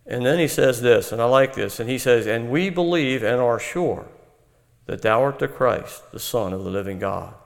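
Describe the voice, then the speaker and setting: A man preaching an earnest, measured Bible-teaching sermon. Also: medium pitch, vocal fry, long reverb tail.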